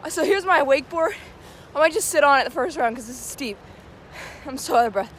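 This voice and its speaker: Giggly high-voiced teen vlogger girl. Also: a little fast, a little hiss or hum. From Atlanta, Georgia. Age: late teens. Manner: excitable, giggly, chatty. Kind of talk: casual vlog. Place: outdoors in snow and in a car.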